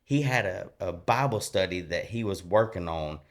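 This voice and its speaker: A man with a somewhat low voice tells his personal conversion story as a podcast guest. He is earnest and animated, and he speaks in a loose, colloquial way, often restarting his sentences. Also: moderate pace. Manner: colloquial and rambling, with many restarts.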